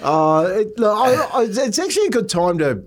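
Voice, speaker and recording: A man's voice: high-pitched, sing-song, normal speed, a loud crowd. A middle-aged man from New Zealand, a podcast co-host telling stories in casual chat, rambling with many restarts.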